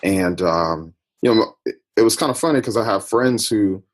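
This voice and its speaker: A man's voice: lowish voice, moderate pace. A man from the United States, a podcast guest, recounting his life story in a reflective, personal way. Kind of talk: interview storytelling.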